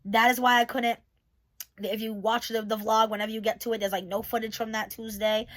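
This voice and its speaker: A special education teacher gives a casual, candid channel update, rambling and addressing her viewers directly. Her voice sits on the high side, a bit bright, with little pitch movement and a slightly fast pace.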